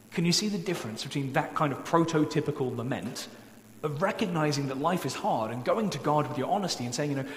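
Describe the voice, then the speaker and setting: A man's voice: on the high side, lively intonation. A male pastor preaching in a church sanctuary, earnest and pleading. His voice rings with a long echo through the hall, and a faint hum sits underneath. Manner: earnest, pleading, slows down to stress key points. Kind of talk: sermon.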